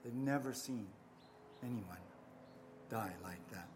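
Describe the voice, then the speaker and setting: A man preaching a sermon, earnest and repetitive, swelling on key phrases and trailing softly at the ends, with stammered restarts. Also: mid-range voice, takes it slowly, background noise. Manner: frequent restarts and stammered repeats. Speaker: pastor.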